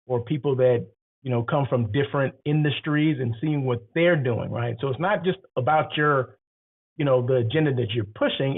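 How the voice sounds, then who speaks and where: Man with a catching throat on a tinny line. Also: mid-range voice. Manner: conversational, rambling, asks the listener questions. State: throat catching, clearing his throat. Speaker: hotel industry host. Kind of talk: casual advice monologue. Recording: tinny phone-like audio.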